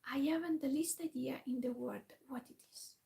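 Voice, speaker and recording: A woman voicing a naive, cheerful pumpkin-headed man in a soft whispered role-play. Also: high-pitched, steady tone, moderate pace, vocal fry. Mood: innocent. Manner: innocent, mild and smiling.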